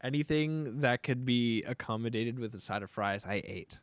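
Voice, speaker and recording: A man's voice: medium pitch, moderate pace, smooth, no room sound. A young man chatting casually on a live stream while making beats, joking and rambling playfully.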